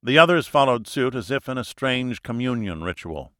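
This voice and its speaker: A man narrating a thriller audiobook in a measured, dramatic storytelling manner. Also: medium pitch, lively intonation, bright, forceful tone, dry recording, clean studio sound.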